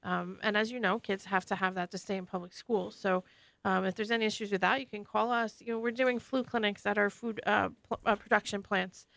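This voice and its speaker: A woman's voice: medium pitch, fairly quick, gravelly, no room sound, poor audio. A woman, a deputy director of public health, talking casually as a guest on a radio show. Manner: relaxed, conversational, lots of fillers. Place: radio studio. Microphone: studio microphone.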